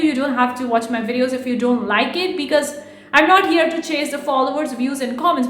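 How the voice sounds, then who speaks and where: A fast-talking woman with a non-native English accent, speaking frankly and defensively to camera as an online business YouTuber. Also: high voice, a bit bright. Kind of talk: casual talk to camera. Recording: echoey room.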